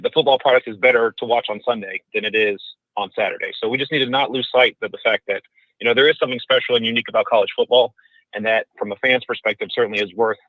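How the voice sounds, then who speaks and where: A man's voice: mid-range voice, no echo. A man calling into a show by phone, rambling through his point with many fillers. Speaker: caller. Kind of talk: casual chat. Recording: tinny, dry phone line.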